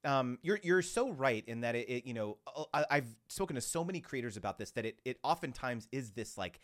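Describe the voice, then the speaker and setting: A man talking as a podcast guest in casual conversation, animated and acting out quoted dialogue with lots of fillers. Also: medium pitch, brisk.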